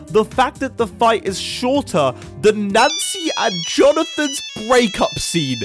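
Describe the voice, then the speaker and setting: A man's voice: extremely high pitch, very animated, measured pace, over music. A young man reviewing a TV finale in a sarcastic, swearing rant. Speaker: YouTube reviewer. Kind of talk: ranting TV review commentary.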